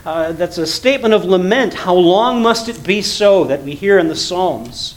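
A male pastor preaching an earnest sermon, rising to emphatic lines and dropping to quiet, low passages. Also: expressive, normal speed, rough recording. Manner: earnest preaching, swells loud then drops to quiet low tones.

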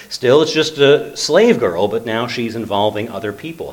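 A man teaching through a Bible passage in a conversational way, with frequent fillers and lively emphasis. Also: medium pitch, normal speed, hardly any pauses.

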